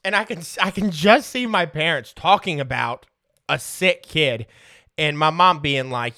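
Unhurried but lively in intonation, this man's slightly high voice sounds pushed and bright. In his thirties, he hosts a podcast and tells casual stories, swearing freely and laughing along. The studio-quality audio has no echo.

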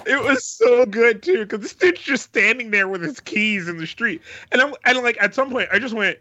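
A man co-hosting a podcast, telling a story in casual chat, animated, swearing and laughing as he goes. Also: very high-pitched, normal speed, dry recording, lo-fi sound. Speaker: podcast co-host.

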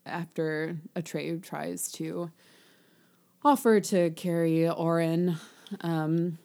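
A woman's voice: low-pitched, fairly even intonation, takes it slowly, warm tone. A woman co-hosting a podcast, talking casually about a book, chatty and often laughing. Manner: chatty, laughs often, trails off mid-sentence. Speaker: podcast co-host. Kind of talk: casual book discussion chat.

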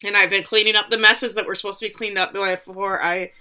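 A woman's voice: mid-range voice, little pitch movement, fast, pushed and bright. A woman co-hosting a podcast in casual chat, wry, recapping plot scenes by acting out lines. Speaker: podcast co-host.

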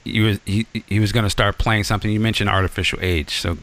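A man's voice: lowish voice, steady tone, fast, a bit bright. A man hosting an interview, asking long, rambling questions.

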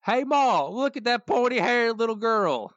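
A man putting on a hillbilly yokel who talks slow and high with a thick drawl. The sound is dry and a little dull, with no room around it. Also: expressive, a bit bright, no room sound, exaggerated voice. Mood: hollering.

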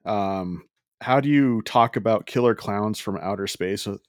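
A man co-hosting a casual movie podcast, relaxed and rambling as he steers the talk. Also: on the low side, unhurried, no echo, studio quality. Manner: relaxed, rambling, leads the discussion. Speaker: podcast co-host. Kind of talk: casual chat.

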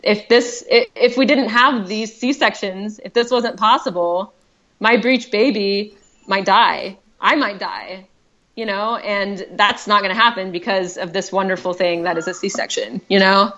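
A woman's voice: medium pitch, a little slow, fairly bright tone, lo-fi sound. A woman telling her own story as a podcast guest, chatty and heartfelt, with many fillers and restarts. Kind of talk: personal storytelling.

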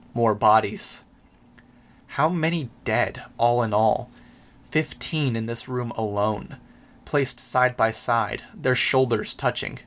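A man narrating a first-person story as an audiobook, reading in a steady, even way. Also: medium pitch.

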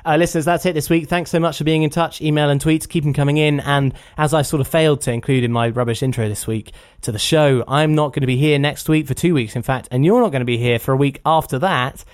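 A man's voice: fairly high pitch, fast talker, hardly any pauses, clean tone. A man co-hosting a podcast in casual chat, jokey and self-deprecating. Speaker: podcast co-host.

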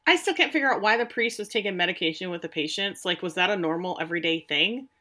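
A woman's voice: on the low side, lively intonation, fast, sharp tone. A woman co-hosting a podcast, casually retelling scenes from a show with frank, salty asides. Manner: casual, frank retelling with swearing and acted quotes. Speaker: podcast co-host recapping a TV episode. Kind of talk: casual chat.

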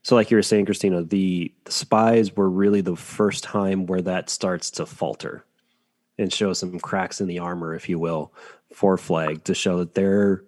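Very deep-voiced man discussing a book. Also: steady tone, unhurried, a little mellow.

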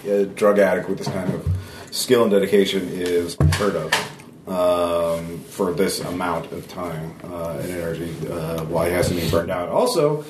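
Low-voiced man running a tabletop game. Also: recorded from a distance. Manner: halting, full of ums and uhs. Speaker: game master. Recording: echoey room with background noise.

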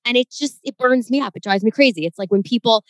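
A woman's voice: a little high, quick pace, dry recording, low-quality recording. A middle-aged woman co-hosting a casual podcast, emphatic and exasperated as she complains about grammar slips. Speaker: podcast co-host.

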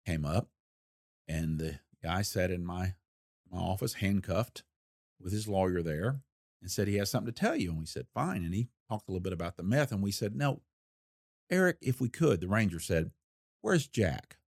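An older man and former investigator telling a case story in a folksy, unhurried way with a wry edge. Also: sits low, animated, creaky, dry recording, clean studio sound. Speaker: retired federal investigator recounting a case. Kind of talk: storytelling interview.

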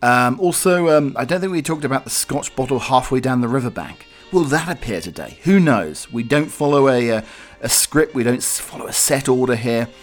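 A man's voice: medium pitch, animated, normal speed, faint music behind. A man from Norfolk hosting a casual solo podcast, rambling with many hesitations and restarts. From Norfolk, England. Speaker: podcast host.

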